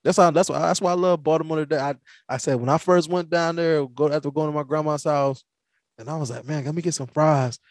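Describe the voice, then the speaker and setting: In a casual podcast chat, a Southern American host tells animated stories, laughing and restarting often as he stumbles. His voice sits fairly high and moves fairly quickly, and the clean studio recording carries no echo.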